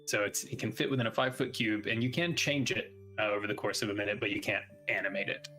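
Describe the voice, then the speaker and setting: A man acting as game master, hedging through rules with ums and restarts. He slows into hushed, atmospheric narration, with faint music playing under his voice. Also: fairly low pitch, low-quality recording. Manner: hesitant, rule-checking, then slow atmospheric narration.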